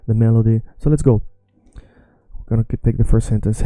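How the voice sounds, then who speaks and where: A man teaching a language lesson, repeating phrases slowly and patiently. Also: on the low side, steady tone, mellow, dry recording.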